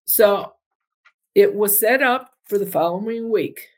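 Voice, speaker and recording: A woman and podcast host telling a long personal anecdote, chatty and animated as she acts out the dialogue. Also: mid-range voice, unhurried. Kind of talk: storytelling anecdote.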